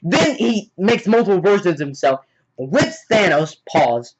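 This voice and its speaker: A man giving a casual movie review, retelling scenes as excited play-by-play with sound effects. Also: high voice, unhurried, noisy background. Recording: dull lo-fi recording.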